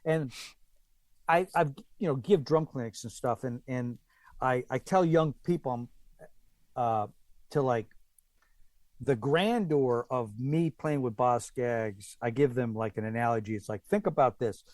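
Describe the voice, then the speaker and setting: A man telling stories as a guest drummer in a casual chat, acting out quotes in a higher voice. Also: measured pace, no echo. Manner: animated, acts out quotes with raised pitch. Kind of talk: casual storytelling.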